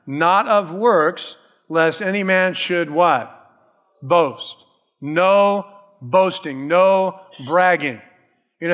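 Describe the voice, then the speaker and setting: A man's voice: fairly high pitch, a bit bright, in a large hall. A man preaching a sermon to a congregation with emphatic delivery, calling out for an amen. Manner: emphatic preaching, calls out "Amen?", acts out quoted voices. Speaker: pastor.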